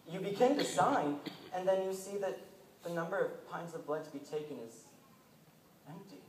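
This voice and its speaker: A young man performing a dramatic monologue on stage, intense, dropping to hushed tones and rising to urgent ones. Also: high voice, moderate pace. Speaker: student performer. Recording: echoey hall, mic far off, faint room hum.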